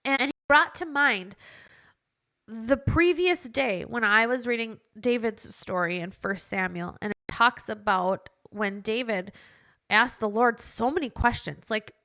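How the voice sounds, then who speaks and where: Woman podcaster, kinda high voice, chatty and emotional, lots of "like". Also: unhurried. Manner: emotional, tearful at times, animated and chatty with frequent "like". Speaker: podcast host. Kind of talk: personal faith storytelling.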